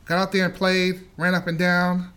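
Guy from jamaica telling a story, high voice, acts out all the quotes. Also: monotone, normal speed, a bit bright. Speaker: guest. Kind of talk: casual storytelling.

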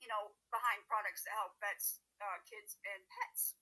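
A woman hosting a casual interview podcast, telling stories about herself in a self-deprecating, animated way. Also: mid-range voice, measured pace, low-quality recording. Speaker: podcast host.

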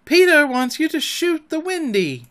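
A man voicing a jealous, spiteful tiny female fairy, shrill and screaming, in a read-aloud storybook. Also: sing-song, measured pace, a bit bright, heavily acted. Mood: scheming.

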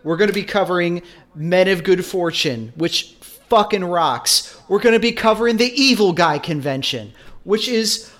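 A man's voice: high-pitched, moderate pace, a bit bright. A man co-hosting a podcast in casual chat, rambling, swearing and correcting himself as he goes. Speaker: podcast co-host.

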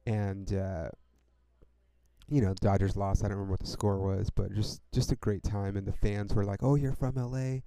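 A man's voice: low-pitched, monotone, normal speed, gravelly, mellow, clean tone, no echo. A young man hosting a podcast, telling a rambling story in a laid-back, profane way, peppered with "dude" and "like". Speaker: podcast host.

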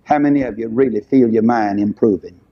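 An older man preaches a revival sermon, folksy and emphatic, pushing up to loud peaks on key phrases. The lo-fi recording sounds dull and muffled. It is dry, with no room sound. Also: on the low side, brisk, dry recording.

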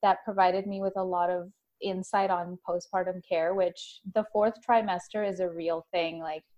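A woman's voice: fairly low pitch, level tone, moderate pace, darkish tone, lo-fi sound. A woman hosting an interview, asking questions and sharing personal stories openly with casual fillers. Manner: open, personal storytelling with fillers. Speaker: podcast host. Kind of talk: conversational interview.

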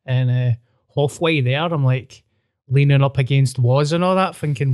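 A man's voice: a little high, normal speed, no echo, studio quality. A man co-hosting a podcast in casual chat, sweary, blunt and self-mocking. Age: 30s. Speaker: podcast co-host.

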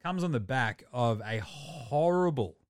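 A man's voice: mid-range voice, unhurried, no echo, clean studio sound. A man in his thirties with an Australian accent, ranting and swearing in a casual sports chat. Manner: profane, ranting, animated. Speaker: podcast co-host.

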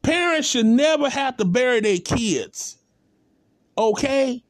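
A man's voice: extremely high pitch, animated, slow pace, no echo. A man giving a blunt, impassioned spoken rant, hammering points with repeated rhetorical calls and casual speech. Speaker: commentator.

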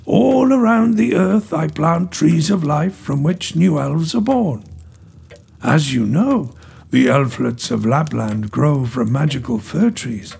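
A man voicing a gentle, wise ancient female nature spirit, speaking softly and slowly. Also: a little high, animated, creaky, husky, full character voice. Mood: reassuring. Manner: soft, slow, soothing.

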